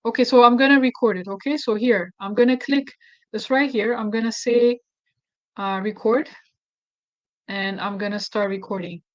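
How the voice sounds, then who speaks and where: A woman with an Ethiopian accent, a native Amharic speaker, hosts a casual screen-recorded tutorial as an activist, thinking aloud, putting herself down, and getting easily flustered. Her voice is on the high side with a steady tone and normal speed, captured in dull audio.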